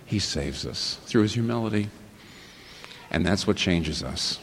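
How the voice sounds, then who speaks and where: A pastor preaching a sermon, asking rhetorical questions and building up emphasis. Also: male voice, sits low, animated, measured pace, big-room sound, slight background noise.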